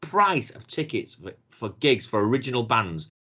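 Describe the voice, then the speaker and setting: A middle-aged man with a Manchester accent, chatting casually on a podcast, sweary and animated, laughing often. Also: medium pitch, normal speed, breathy edge, highs cut off. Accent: Mancunian. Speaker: podcast co-host. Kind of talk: casual chat.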